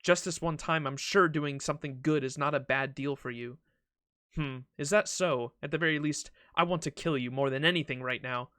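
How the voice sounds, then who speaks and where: A man's voice: fairly high pitch, normal speed, fairly bright tone, dry recording, clean studio sound, close to an everyday voice. A man reading a proud ancient pharaoh king in a game, with a pompous, regal, mocking delivery.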